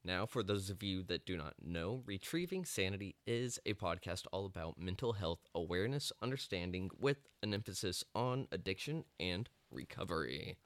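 A young man with a low voice that swings up and down a lot, talking bluntly and with jokes as he encourages his listeners. The sound is dry and close, with no room around it. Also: sing-song, normal speed, hardly any pauses, a bit bright, no echo. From Texas Panhandle. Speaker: podcast host. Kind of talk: casual monologue.

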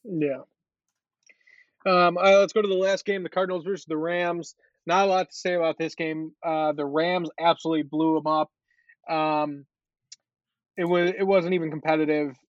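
A man hosting a casual sports podcast, animated and chatty with lots of fillers. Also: fairly high pitch, moderate pace, pauses often, no echo, muffled recording.

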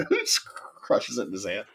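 A man in casual chat, animated, often quoting lines in put-on voices. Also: on the low side, creaky, slightly rough. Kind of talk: casual chat about TV shows.

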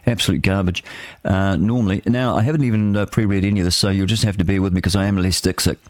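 A man's voice: low voice, steady tone, quick pace, no room sound. An older man hosting a radio show, rambling and opinionated, with many restarts and fillers. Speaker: radio host. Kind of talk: casual talk radio monologue.

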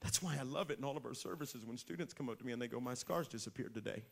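A man preaching a sermon, telling stories and calling out to the crowd, with sudden swings from shouting to hushed whispers. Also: medium pitch, rapid-fire, vocal fry. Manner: storytelling, calls out to the crowd.

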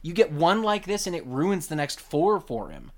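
A man co-hosting a casual podcast who picks apart ideas with thoughtful, analytical care. His voice sits a little higher than most men's. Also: sing-song, moderate pace. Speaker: podcast co-host.

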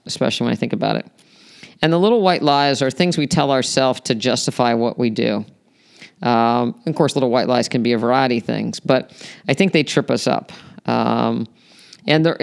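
A man's voice: mid-range voice, creaky, clean tone. A man hosting a podcast, explaining health topics in a conversational way with frequent fillers. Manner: explanatory, conversational, many "you know" fillers. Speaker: podcast host. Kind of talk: solo health podcast talk.

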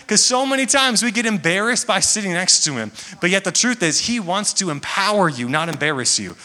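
A man's voice: sits high, lively intonation, brisk, bright, forceful tone. A young man preaching to a church congregation, talking casually and joking. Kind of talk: sermon. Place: large church hall. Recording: echoey hall with long reverb.

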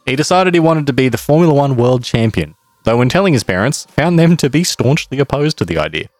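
Lively young man telling a story. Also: medium pitch, fast, no room sound. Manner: lively, laughs easily, playful asides. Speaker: podcast co-host. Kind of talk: casual storytelling chat.

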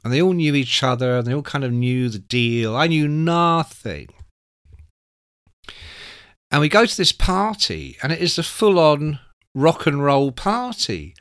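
A music writer in his sixties, appearing as an interview guest, tells a long anecdote in casual style, animatedly acting out quotes and swearing a lot. His voice is a little high and a little slow, with a clean tone.

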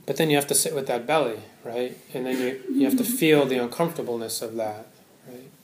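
A man's voice: mid-range voice, a little fast, echoey room, a little hiss or hum. A man giving a Buddhist Dharma talk to a live audience, conversational, often checking in with "right?". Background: audience laughter.

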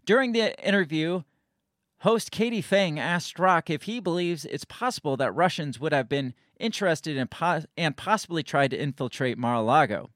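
A man with a slightly high voice talks through the news in a sarcastic, rambling way, often stopping and restarting his sentences. He reads news excerpts aloud between his own remarks. The sound is dry and close, with no room echo. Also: animated, moderate pace, fairly bright tone. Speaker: political commentary host. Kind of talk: casual political commentary.

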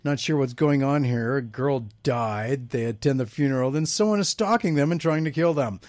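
A man's voice: mid-range voice, moderate pace, a little mellow, no echo. A man hosting a pop culture radio show, chatting casually and joking as he runs a movie review panel. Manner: jokey, rambling, laughs often. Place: radio studio.

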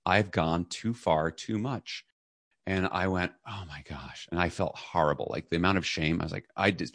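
A middle-aged man, a podcast guest, telling a personal story in an earnest, reflective way and briefly acting out the loud lines he quotes. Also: low voice, dry recording, studio quality.

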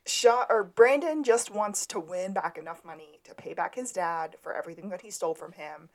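A woman's voice: lowish voice, normal speed. A woman co-hosting a podcast, casually recapping a TV episode from her notes and laughing along. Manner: retells scenes from notes, laughing often. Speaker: podcast co-host.

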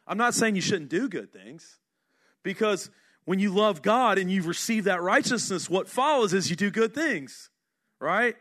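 A middle-aged male pastor delivers a sermon in a bright, fairly high voice. He talks to the congregation in an earnest, conversational way, full of rhetorical questions, and drops low and quiet when he wants to press a point home. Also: animated, measured pace. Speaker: senior pastor.

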